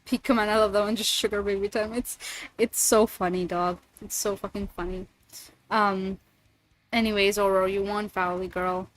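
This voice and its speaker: A woman's voice: mid-range voice, flat delivery, normal speed, faint music behind. A woman streamer chatting casually and rambling, swearing freely between thoughts. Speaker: streamer and voice actor. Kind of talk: casual livestream chat.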